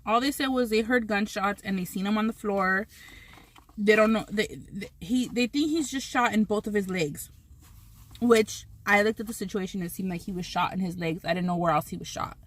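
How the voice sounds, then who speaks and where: A woman's voice: medium pitch, normal speed. A woman vlogger telling a story while eating on camera, rambling with many restarts and swearing freely.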